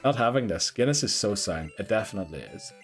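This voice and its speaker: A rambling, joking man with a Northern Irish accent chats casually as a game streamer. His voice sits fairly low. Faint music plays behind him. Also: expressive, fast. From Northern Ireland. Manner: rambling, joking, chuckles often. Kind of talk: casual live-stream chat.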